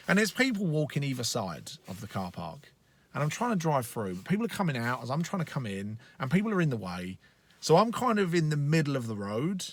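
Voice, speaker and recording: A man's voice: mid-range voice, fairly bright tone, no echo. A male life coach giving a casual, blunt motivational training talk with plenty of profanity, speaking from inside a car.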